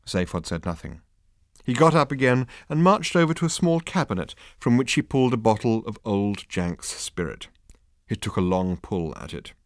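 Low-voiced, wry male audiobook narrator. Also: lively intonation, dry recording, studio quality. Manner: wry, measured storytelling. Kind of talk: scripted narration.

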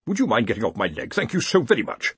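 A man's voice: medium pitch, wildly swooping pitch, fast, breathy edge, no room sound, heavily acted. A man voicing a fussy, argumentative older wizard dean in an audiobook. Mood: blustering.

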